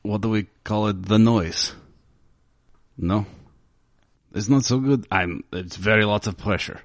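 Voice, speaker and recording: A man voicing a shifty, nervous male spellcaster held captive, who talks in halting, oddly formal phrases full of fillers. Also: on the low side, no echo, studio quality.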